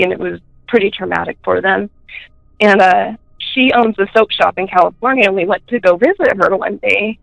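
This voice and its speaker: A woman telling personal ghost stories in a chatty way, full of fillers, and switching into high voices when she quotes people. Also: creaky, fairly bright tone, no room sound, rough recording. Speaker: guest.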